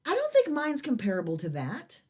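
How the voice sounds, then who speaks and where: A woman's voice: high-pitched, huge pitch swings, brisk, a little mellow. A middle-aged woman, a comedian co-hosting a podcast, blunt and teasing in casual chat. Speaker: comedian co-host.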